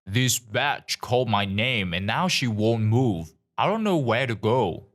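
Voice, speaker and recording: A man voicing an aggressive man who shouts and swears at a stranger. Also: mid-range voice, big pitch swings, unhurried. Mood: angry. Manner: shouting insults.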